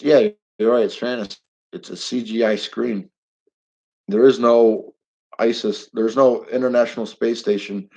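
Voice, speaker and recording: A man's voice: medium pitch, highs cut off. A middle-aged man hosting a casual live stream, talking bluntly and rambling, getting heated and swearing now and then.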